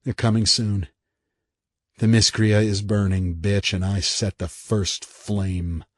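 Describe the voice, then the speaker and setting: A man voicing a desperate young husband who shouts in terror, ragged and high. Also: little pitch movement, takes it slowly, dry recording, clean studio sound. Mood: taunting. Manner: ragged shrieking, pitched high.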